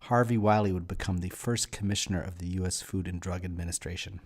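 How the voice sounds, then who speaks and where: A man with a very deep, low voice narrates a recorded lecture over slides. He explains in a measured, steady way, close to the mic. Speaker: instructor.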